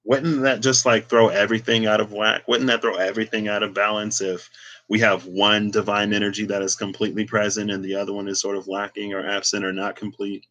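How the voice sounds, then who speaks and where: A man's voice: on the low side, little pitch movement, brisk, fairly bright tone, muffled recording. A man giving a casual, reflective talk on spirituality and tarot, meandering with many fillers as he thinks aloud. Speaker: tarot reader.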